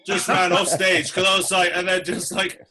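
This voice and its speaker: A man co-hosting a podcast, telling stories in a casual, sweary, animated way. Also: high voice, normal speed, a little hiss or hum. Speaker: podcast co-host. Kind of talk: casual chat.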